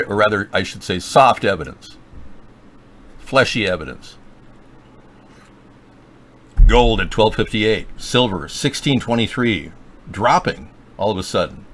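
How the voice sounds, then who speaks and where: A man's voice: mid-range voice, a bit bright. Sarcastic male livestream host. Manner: sarcastic, joking, rambling. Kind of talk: rambling political livestream chat.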